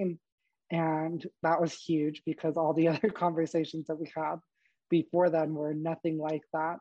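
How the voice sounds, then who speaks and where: A man's voice: on the high side, normal speed, dry recording, muffled recording. Laughing young man telling family stories. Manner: animated, laughs often, acts out quoted dialogue. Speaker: podcast guest. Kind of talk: candid storytelling interview.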